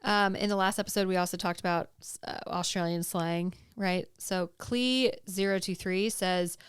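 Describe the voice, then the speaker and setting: A woman's voice: fairly low pitch, fairly even intonation, moderate pace, clean tone, no room sound, studio quality. A woman co-hosting a podcast, chatting casually and reading listener comments aloud with easy laughs. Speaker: podcast co-host.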